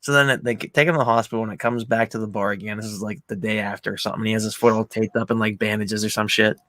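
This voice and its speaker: A young man hosting a casual film podcast, telling stories with animated energy and casual swearing. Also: on the low side, rapid-fire, no room sound. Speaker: podcast host.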